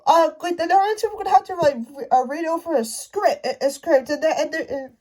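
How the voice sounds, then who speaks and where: Brief: high-pitched woman, fan rant, halting delivery full of restarts. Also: darkish tone. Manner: halting, stumbling, many restarts. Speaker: fan commentator. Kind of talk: casual rant to camera.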